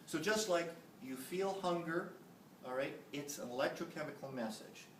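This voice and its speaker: A man's voice: fairly high pitch, normal speed, fairly bright tone, a little hiss or hum. Man lecturing in an echoey room. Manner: emphatic, checks in with "all right?" and "right?". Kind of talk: public lecture. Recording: roomy, distant from the mic.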